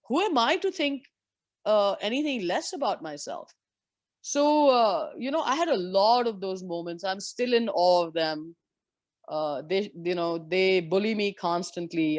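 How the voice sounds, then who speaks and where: A woman in her forties from India, a former professional golfer, telling lively and candid stories as an interview guest. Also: mid-range voice, a little slow, no room sound. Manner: lively, candid anecdotes with frank swearing. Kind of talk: storytelling in a conversation.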